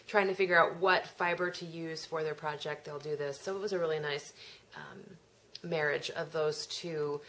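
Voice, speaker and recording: An American woman hosts a knitting podcast in a casual, rambling monologue. Her lowish, slightly bright voice has nasal vowels, and it comes through poor audio. She is chatty and self-deprecating, trailing off and then picking her thread back up.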